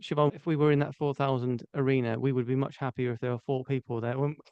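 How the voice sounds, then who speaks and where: A man from England co-hosting a podcast, calm and wry. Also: medium pitch, fast talker, smooth, no echo, lo-fi sound. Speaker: podcast co-host, comedian. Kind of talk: casual podcast chat.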